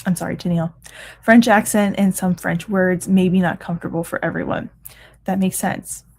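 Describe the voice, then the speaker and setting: A woman in her thirties with a lowish, slightly mellow voice and vocal fry hosts a reading sprint livestream at a steady, normal pace, with slight background noise. She's tired and yawning, chatting casually, reading comments aloud, laughing often and filling her speech with ums and restarts.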